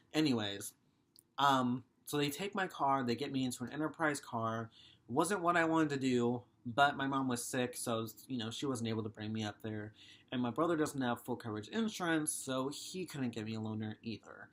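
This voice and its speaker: A man's voice: mid-range voice, normal speed, a bit bright. A young man vlogging a frustrated, profane, rambling rant about a bad car experience. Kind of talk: ranting vlog.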